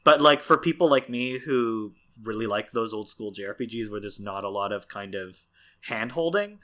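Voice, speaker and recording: A man's voice: on the low side, normal speed, a bit bright. A man co-hosting a podcast, talking casually and at length with many fillers and restarts. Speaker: podcast co-host. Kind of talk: casual chat.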